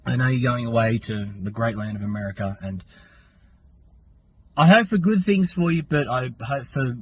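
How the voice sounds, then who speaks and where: A man's voice: medium pitch, animated, moderate pace. An Australian man recording a farewell message from his car, joking roast mixed with sentiment.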